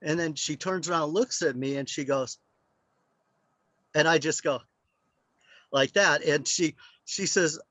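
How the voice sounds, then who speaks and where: A man's voice: on the high side, measured pace, pauses often, a bit bright, no room sound. Older male guest speaker, meandering anecdotal delivery, dry and close. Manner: rambling, anecdotal, with many fillers. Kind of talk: storytelling.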